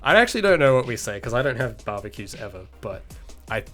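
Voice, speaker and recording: A man's voice: medium pitch, big pitch swings, quick pace, bright, forceful tone, faint music behind. A man with an Australian accent chatting casually with viewers on an indie game dev livestream, rambling and hedging, chuckling now and then. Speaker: indie game developer streaming.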